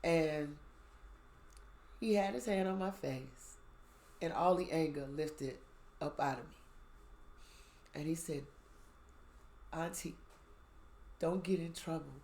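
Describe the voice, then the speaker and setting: A woman sharing a candid spiritual reflection, telling her story emphatically with sudden bursts of loudness. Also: low voice, slow pace, long pauses. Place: outdoors.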